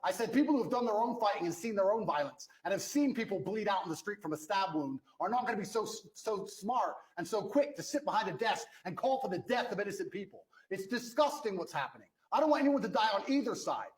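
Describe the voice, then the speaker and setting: A man, a guest in an interview, arguing forcefully and indignantly, repeating his points. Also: sits high, animated, fast talker, few pauses, poor audio. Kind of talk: heated debate.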